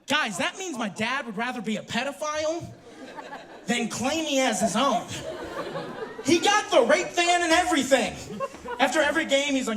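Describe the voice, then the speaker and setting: A young man doing a stand-up set in a university theater, brash and swearing, with sudden loud outbursts. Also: extremely high pitch, animated, normal speed, some chatter behind. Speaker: stand-up comedian. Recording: roomy theater, distant mic, audience laughter.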